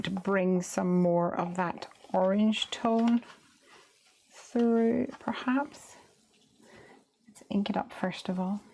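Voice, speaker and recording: A woman's voice: mid-range voice, creaky, a little hiss or hum. Chatty woman thinking aloud while crafting. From United Kingdom. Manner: chatty, thinks aloud while working, trails off into soft murmurs. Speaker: crafting livestream host. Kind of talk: casual live crafting demo.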